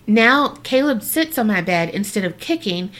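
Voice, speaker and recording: Bright-voiced bubbly woman co-host. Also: mid-range voice, very animated. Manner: bubbly and reactive, quick exclamations. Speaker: podcast co-host. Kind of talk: casual chat, reading a listener letter.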